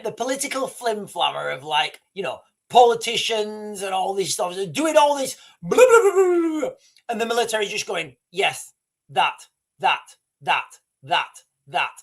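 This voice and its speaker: Animated, rambling British-based streamer man. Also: high voice. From United Kingdom. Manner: rambling, chatty, addresses viewers as guys. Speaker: livestream host. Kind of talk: casual livestream commentary.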